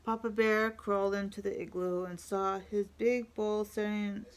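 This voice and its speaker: A woman reading a picture book aloud in a steady storytelling voice. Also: mid-range voice, measured pace, slight background noise, poor audio.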